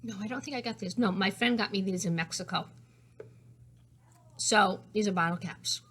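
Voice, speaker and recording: A woman, a teacher, hosts a knitting podcast, chatting casually and rambling with plenty of restarts and fillers as she shows off her craft supplies at home in a show-and-tell. Her mid-range voice is a bit bright at normal speed, with a little hiss or hum.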